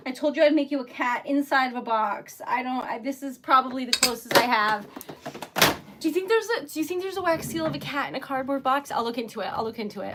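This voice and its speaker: A woman's voice: high voice, animated, fairly quick, very noisy. A young woman running a casual livestream for her small business, flustered and giggly as she thanks viewers.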